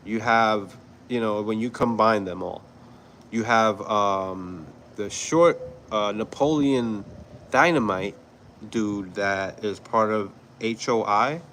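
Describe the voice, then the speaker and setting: A man's voice: on the low side, takes it slowly, fairly bright tone, slight background noise, poor audio. Profane, rambling male host. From New York. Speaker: livestream host. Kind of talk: casual commentary with chat.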